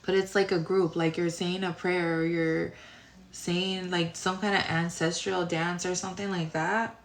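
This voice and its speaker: Woman reading tarot, low voice, kinda rambly and tired, echoey room. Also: little pitch movement, a little slow. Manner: rambling, searching for words. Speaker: tarot reader. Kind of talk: casual tarot reading to viewers. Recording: roomy echo.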